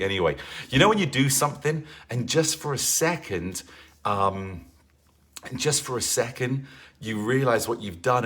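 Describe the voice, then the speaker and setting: A man's voice: deep voice, fairly bright tone. A man leading a livestream fitness class, chatting casually with viewers and greeting them by name, with lots of fillers. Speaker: fitness instructor.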